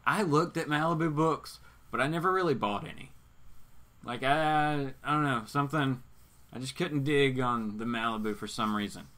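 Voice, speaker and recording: A man's voice: mid-range voice, moderate pace, a bit bright. A man hosting a casual comics talk stream, reading out viewer comments and rambling through his opinions with plenty of fillers and restarts. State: hiccups. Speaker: host of a comics talk show.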